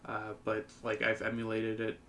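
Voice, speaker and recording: A man co-hosting a casual podcast, with a gravelly, fry-heavy voice. He talks hesitantly, leaning on ums and casual swearing, over a faint hiss of background noise. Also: fairly low pitch, completely flat delivery, moderate pace, fairly bright tone. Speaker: podcast co-host. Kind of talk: casual chat.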